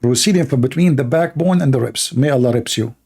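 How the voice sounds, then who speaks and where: A man's voice: medium pitch, brisk, gravelly, a little mellow, breathy edge. A man giving sarcastic, mocking livestream debate commentary in broken English. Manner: broken, non-native English phrasing. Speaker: online debater.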